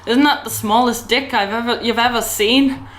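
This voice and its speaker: A woman's voice: a little high, steady tone, normal speed, slight background noise, voice pushed up, close to an everyday voice. A woman putting on a drunk British man. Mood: whiny. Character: drunk coked-up British man, pushy then sheepish.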